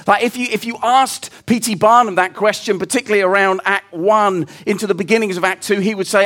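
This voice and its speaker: Man, high voice, sermon, earnest storytelling, reflective. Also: normal speed, a bit bright. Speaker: preacher.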